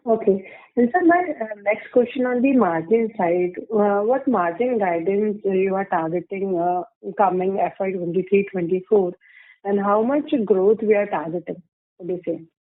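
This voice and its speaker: A woman on an earnings conference call, asking her questions politely and deliberately. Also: medium pitch. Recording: tinny phone line.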